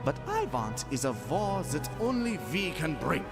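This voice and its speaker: A man's voice: on the high side, sing-song, measured pace. A man voicing a theatrical, war-hungry villain commander in a comedic parody dub, speechifying in a mock German manner. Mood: gleeful ranting. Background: music from the clip.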